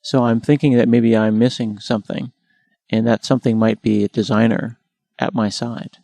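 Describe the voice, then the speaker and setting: A man's voice: medium pitch, little pitch movement, moderate pace, gravelly, dark tone, dry recording. A man with an American accent hosting a casual tech interview, asking curious questions with a self-deprecating touch. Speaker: host.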